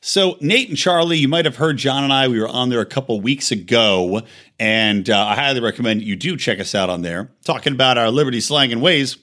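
A man's voice: mid-range voice, expressive, fairly quick, pushed and bright. A man hosting a podcast, delivering a heated, profane rant with emphatic, wide swings in his voice. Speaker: podcast host. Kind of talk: ranting monologue.

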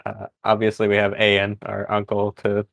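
A young man hosting a podcast in casual chat, easygoing and quick to laugh along. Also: lowish voice, completely flat delivery, gravelly, a bit bright, no room sound. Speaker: podcast host. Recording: dry, dull lo-fi recording.

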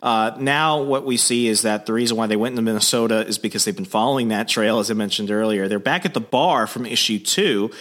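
A man hosting a podcast who recaps a comic book in casual, animated storytelling with many fillers. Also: lowish voice, a little fast, few pauses. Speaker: podcast host.

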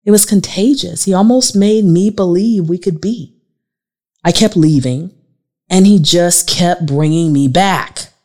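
A Southern American woman in her forties reads her own memoir aloud for an audiobook, her delivery emotional and confessional. Her voice is fairly low and dark in tone, and she speaks a little slowly.

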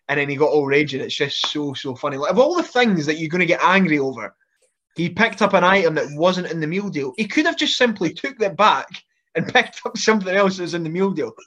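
A man with a fairly high voice, recorded with lo-fi sound, guests on a podcast and shares humorous stories casually. He's lively, laughing throughout and restarting often.

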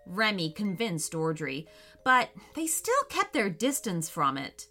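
A woman narrating a children's story in a slow, expressive way. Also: mid-range voice, faint music behind.

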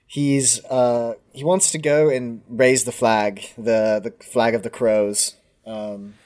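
A man's voice: mid-range voice, steady tone, takes it slowly, a little mellow. A man playing a tabletop game, describing his character's actions casually, with many hesitations. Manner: casual, hesitant, thinking aloud. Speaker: player. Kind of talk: tabletop role-play.

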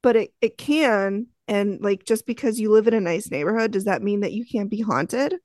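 A woman's voice: mid-range voice, normal speed, a little mellow, no room sound. A woman co-hosting a podcast, chatting casually and teasing with jokey asides. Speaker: podcast co-host. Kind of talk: casual chat recapping a TV show.

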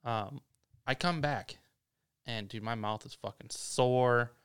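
A man in casual chat as co-host, relaxed and swearing casually while telling his own story. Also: mid-range voice, slow, smooth. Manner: laid-back, swears casually. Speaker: podcast co-host.

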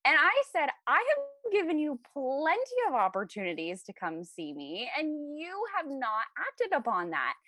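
A lively young woman chatting as a podcast guest. Her pitch leaps and dips as she acts out the people in her story, and she laughs often. The sound is dry and close, with no room around her. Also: unhurried, few pauses, no echo. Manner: animated, laughing, acts out quoted lines. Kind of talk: casual storytelling chat.

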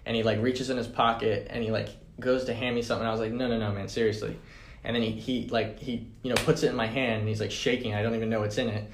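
A man's voice: mid-range voice, little pitch movement, fast, hardly any pauses, noisy background. Rambling young man telling a story. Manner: rambling, fillers like 'like' and 'man'. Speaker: podcast guest. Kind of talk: casual storytelling. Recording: roomy echo.

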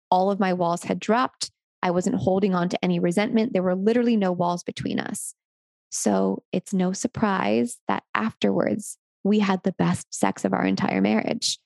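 Woman, frank and encouraging, gravelly voice, dry close sound. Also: medium pitch, no room sound. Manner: frank, relaxed and encouraging, with laughs. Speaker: sex educator. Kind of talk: candid educational talk.

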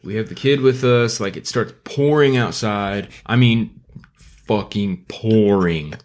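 A young man co-hosting a podcast, telling a story in a casual, profane, animated way. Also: fairly low pitch, unhurried. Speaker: podcast co-host.

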